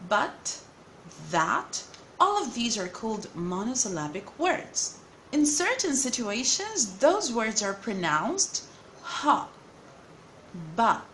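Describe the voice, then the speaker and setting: Lively woman teaching English pronunciation. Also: a little high, echoey room, a little hiss or hum. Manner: explains slowly, repeats example words for contrast. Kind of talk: online pronunciation lesson.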